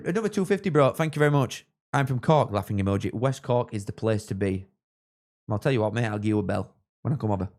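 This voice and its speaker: A man's voice: mid-range voice, fast talker. Chatty young man streaming. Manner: chatty, rambling, bursts into excited shouts at chances. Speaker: streamer hosting a live football watchalong. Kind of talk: casual live-stream chat with match reactions.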